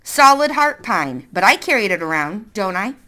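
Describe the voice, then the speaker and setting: A woman reading aloud as a tough, wry middle-aged woman with a wooden leg who fires pointed, teasing questions. The delivery is bright and lively, rising and falling as she presses for answers in a storybook reading. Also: medium pitch, moderate pace. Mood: probing. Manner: sardonic, interrogating.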